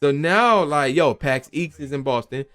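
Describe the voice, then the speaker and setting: A man's voice: on the high side, measured pace. A young man hosting a gaming channel, ranting emphatically in casual slangy talk and sometimes acting out the people he quotes. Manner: animated, emphatic, acts out quoted voices, slangy. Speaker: gaming commentary channel host. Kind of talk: casual opinion rant.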